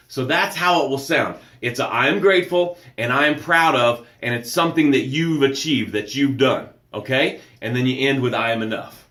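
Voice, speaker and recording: A man's voice: mid-range voice, normal speed, few pauses, pushed and bright, roomy sound. A man hosting a live motivational show, speaking with emphatic, preacher-like energy and greeting viewers by name as he reads their comments. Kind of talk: live-streamed motivational talk.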